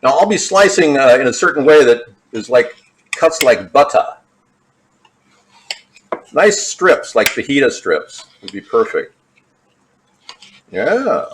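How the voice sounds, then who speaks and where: A man's voice: mid-range voice, sing-song, slow pace, long pauses, a little hiss or hum. A man demonstrating a recipe in his home kitchen, talking casually, joking and drifting off topic as he goes. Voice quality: rambling and jokey, drifts off topic. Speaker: home cooking vlogger.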